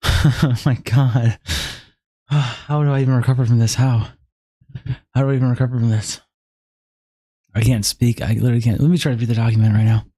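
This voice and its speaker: A man's voice: mid-range voice, steady tone, brisk, long pauses, dark tone, husky. A man live-streaming in casual talk, exhausted and struggling to speak, exasperated, with heavy sighs and swearing.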